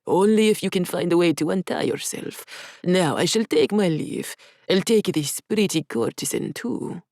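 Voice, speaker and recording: A woman voicing a smug, mocking male conspirator in a storybook reading, with a slow taunting delivery. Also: on the low side, lively intonation, vocal fry, darkish tone, no room sound, studio quality.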